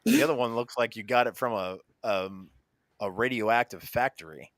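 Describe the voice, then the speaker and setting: A man hosting a casual podcast chat, who swears freely and tells stories in an animated, laughing way. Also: medium pitch, normal speed, no room sound, studio quality. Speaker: podcast host.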